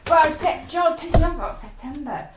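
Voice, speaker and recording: A woman's voice: high-pitched, animated, very fast. A middle-aged woman co-hosting a podcast, blunt and chatty, with a lot of laughter. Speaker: podcast co-host. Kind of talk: casual chat. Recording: roomy echo, faint background noise.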